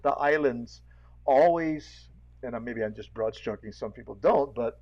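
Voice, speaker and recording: An animated man from Hawaii, with a lilt, spins casual stories and jumps into the voices of the people in them. His pitch sits in the middle of the range, and he laughs easily. The sound comes through a dull, lo-fi video call line. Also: normal speed. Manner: animated storyteller, acts out voices, laughs often. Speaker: podcast host. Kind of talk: casual chat with storytelling.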